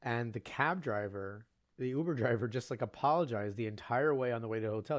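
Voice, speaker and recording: A man's voice: mid-range voice, fast talker, no room sound. A man co-hosting a podcast, telling anecdotes casually and acting out what people said. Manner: animated anecdote-telling, acts out quotes. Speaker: podcast co-host. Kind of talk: casual chat.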